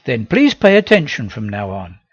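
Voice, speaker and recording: A woman's voice: extremely low pitch, big pitch swings, normal speed, no echo, lo-fi sound, exaggerated voice. A man reading aloud and voicing a stern, sarcastic woman schoolteacher who scolds a daydreaming pupil. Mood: brisk stern. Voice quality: sarcastic, crisp and commanding. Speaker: teacher.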